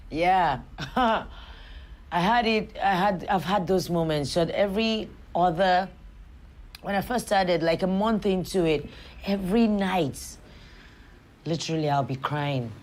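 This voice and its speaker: A middle-aged actress turned politician speaks in a lowish, slightly mellow voice at a slow pace. In a personal documentary interview, she is candid and reflective and laughs often.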